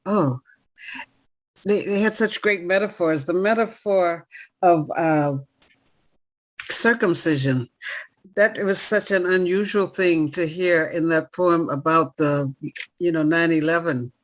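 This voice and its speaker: A woman's voice: fairly low pitch, slow, long pauses, poor audio. A woman hosting a group discussion on a video call, talking in a chatty way with many fillers. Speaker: podcast host.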